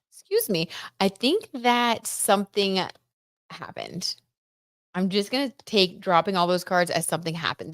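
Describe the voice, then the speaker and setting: A woman's voice: fairly low pitch, no echo, studio quality. A young woman hosting a casual live tarot reading, chatty and gushing, with lots of "like" and "oh my gosh". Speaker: tarot reader and live stream host.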